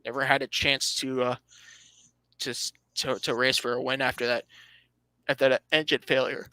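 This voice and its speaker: A man's voice: mid-range voice, level tone, moderate pace, sharp tone, clean tone, dry recording, rough recording. A man hosting a casual motorsport podcast, reading out standings and giving his opinions with dry sarcasm, often restarting his phrases. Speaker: podcast host.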